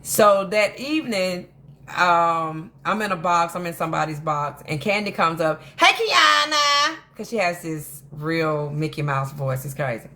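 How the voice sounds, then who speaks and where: A woman hosting a casual commentary monologue, telling stories in an animated, emphatic way that rambles with frequent restarts. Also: sits low, moderate pace. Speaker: host of a drama commentary channel.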